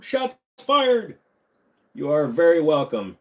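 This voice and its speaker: Guy answering chat questions on a home stream, kinda high voice that bounces all over. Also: animated, moderate pace. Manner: reads and answers viewer questions, joking; slips into a bad Southern accent. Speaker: live stream host. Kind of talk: casual live stream chat. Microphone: desk microphone.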